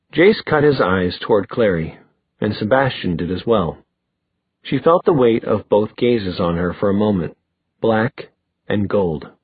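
A man reading a novel aloud in a measured, even storytelling manner. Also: fairly low pitch, husky, dry recording. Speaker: audiobook narrator. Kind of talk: scripted novel narration. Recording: dry tinny phone-like sound.

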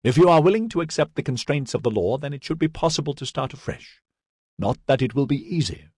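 A man reading the part of an older statesman who gives measured, fatherly counsel in an audiobook. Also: mid-range voice, slightly rough, no echo, clean studio sound, voice pushed up. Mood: earnest. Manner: calm, deliberate counsel.

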